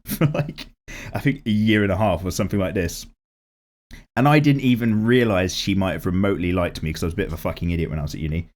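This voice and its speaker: A man in his thirties hosting an art channel, chatting casually through viewer comments with a slightly strained, cracking voice and free swearing. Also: fairly low pitch. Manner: chatty and lively, swears freely. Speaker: YouTube art channel host.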